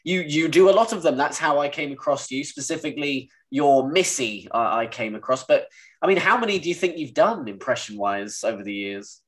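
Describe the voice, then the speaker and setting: A man's voice: fairly high pitch, lively intonation, brisk, a bit bright. Jokey man interviewing casually. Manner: jokey, laughs along, loose phrasing. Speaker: interviewer host.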